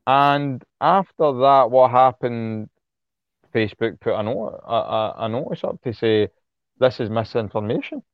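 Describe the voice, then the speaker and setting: A man's voice: mid-range voice, lively intonation, measured pace, dry recording, narrow, tinny audio. A man, speaking bluntly and heatedly as an interview guest, swearing freely and repeating himself when worked up. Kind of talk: impassioned casual interview talk.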